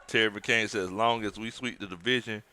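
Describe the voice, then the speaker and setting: Bright-voiced man hosting a laid-back stream. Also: on the low side, fairly even intonation, fairly quick. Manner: reads viewer comments aloud, laid-back. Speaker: livestream host. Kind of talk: casual watch-party commentary.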